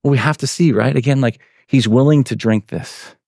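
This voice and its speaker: A man preaching a sermon to a congregation in a relaxed, conversational way, often filling with "like" and "right". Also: medium pitch, normal speed, vocal fry, no room sound, clean studio sound. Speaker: pastor.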